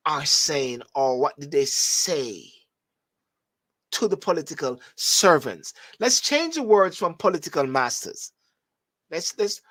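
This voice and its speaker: Animated Jamaican man hosting a live show. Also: high voice. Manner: animated, repeats words, reads viewer comments aloud. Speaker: host. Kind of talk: live-stream call-in talk show.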